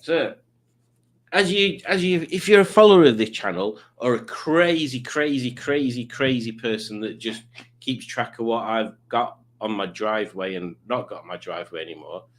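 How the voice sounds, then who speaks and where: A man's voice: mid-range voice, moderate pace. A man hosting a live stream, chatting casually and reading out viewer messages in silly voices. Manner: joking, reads chat messages aloud in silly voices. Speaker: livestream host.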